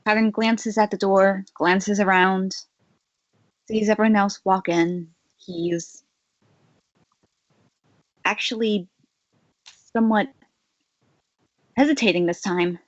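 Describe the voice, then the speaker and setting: A woman playing her character in a tabletop game, speaking hesitantly with many pauses and fillers. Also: mid-range voice, fairly even intonation, no echo, dull audio. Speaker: player.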